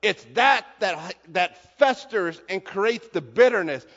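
Male preacher, high voice, emphatic sermon style, long reverb in a dull recording. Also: a little slow, few pauses. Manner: emphatic, swings from hushed to shouting.

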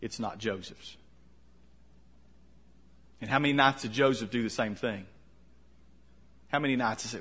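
A man preaching a conversational sermon, asking questions and letting his voice drop soft at the ends of lines. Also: mid-range voice, measured pace, long pauses, slightly rough. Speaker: pastor.

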